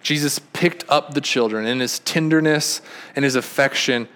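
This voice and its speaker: Earnest and speaking at a moderate pace in a mid-range voice, a man preaches as pastor. His sermon moves from emphatic high points to soft, quiet lines, with frequent repeated and restarted phrases.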